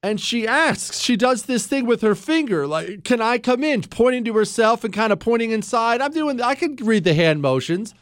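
A man hosting a radio talk show, telling a story and giving commentary in a lively, emphatic way with rhetorical questions. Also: extremely high pitch, moderate pace, few pauses, dry recording, studio quality. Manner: animated, laughs at own stories, emphatic rhetorical questions. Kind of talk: casual on-air storytelling and commentary. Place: radio studio.

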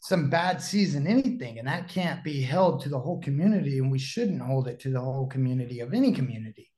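A man's voice: medium pitch, fast talker. Male guest storyteller, mid-range voice, chatty with lots of fillers and laughs. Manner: animated, laughs often, many fillers. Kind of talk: casual conversational storytelling.

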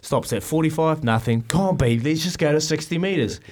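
A man with a New Zealand accent, a radio co-host telling a casual story and laughing often. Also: normal speed. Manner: animated, laughing often, jumps pitch for quoted lines.

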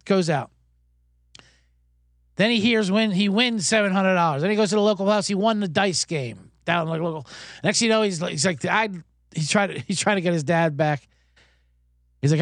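A man's voice: a little high, fairly quick, pauses often, dry recording, studio quality. A man hosting a sports betting podcast, rambling through stories in casual talk. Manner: rambling, animated storytelling with restarts.

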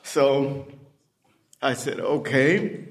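A man slowly recounting a personal story in a casual, conversational way, with many "you know" asides. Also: mid-range voice, steady tone, noisy background. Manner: slow, conversational, full of "you know" fillers. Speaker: storyteller in recovery.

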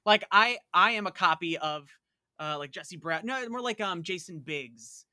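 A man with a Long Island accent chats as a podcast guest, animated and fussy about details. His voice is very bright and a touch higher than most men's, heard close and dry. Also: measured pace, no echo. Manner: animated, nitpicky. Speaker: actor guest. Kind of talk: casual chat.

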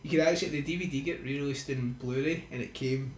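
A man's voice: mid-range voice, quick pace, a little hiss or hum. Chatty man, echoey room. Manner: chatty, laughs often, tells trivia. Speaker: commentary co-host. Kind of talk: casual movie commentary chat. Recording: roomy echo.

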